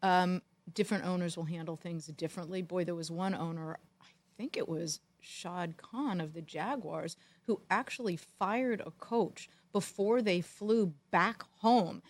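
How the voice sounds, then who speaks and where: A middle-aged woman co-hosting a sports talk show, telling a long story in a wry, animated way. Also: lowish voice, unhurried. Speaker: podcast co-host, former football executive. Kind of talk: storytelling in casual chat.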